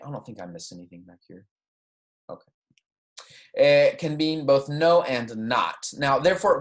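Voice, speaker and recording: A man with a medium-pitched voice runs a recorded Spanish class, explaining in English and slowly saying Spanish phrases as examples. "Right?" and "okay" come up often as he checks in.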